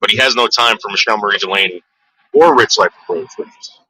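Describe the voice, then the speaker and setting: A man's voice: fairly low pitch, fairly even intonation, fast, sharp tone, rough recording. A man telling rambling stories to his viewers, repeating words and quoting people in put-on voices. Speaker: streamer telling stories about his father. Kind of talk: casual storytelling to a live chat.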